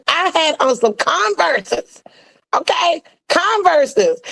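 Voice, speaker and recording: A woman's voice: high-pitched, low-quality recording. Chatty woman holding back tears. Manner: emotional, fighting back tears, laughing; playful, chatty with quoted asides. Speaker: podcast co-host. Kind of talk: casual heartfelt chat.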